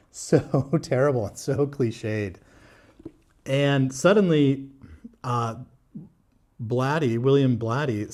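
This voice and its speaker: A man's voice: medium pitch, a little mellow. Blunt, chatty man reviewing books. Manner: candid and blunt, frequent fillers and restarts, wry laughs. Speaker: book vlogger. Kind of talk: casual book review talk.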